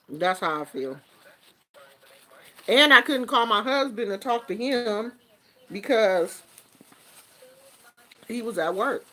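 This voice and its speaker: A woman hosting a show and chatting casually through a story, animated and acting out everyone's lines. Her voice is bright and a little high. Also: slow, long pauses, slight background noise. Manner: animated, acts out quotes. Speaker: host.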